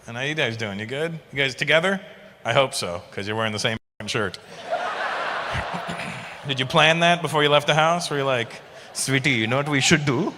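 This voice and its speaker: A man's voice: mid-range voice, animated, normal speed, long pauses, long reverb tail. A middle-aged man doing stand-up crowd work, brash and teasing, swearing freely as he quizzes audience members. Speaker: stand-up comedian. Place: live comedy venue with audience. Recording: live show with loud crowd and room noise.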